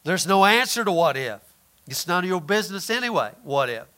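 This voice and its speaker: A man's voice: sits high, sing-song, a little fast, sharp tone. A man preaching a conversational sermon, often repeating words and asking his listeners questions.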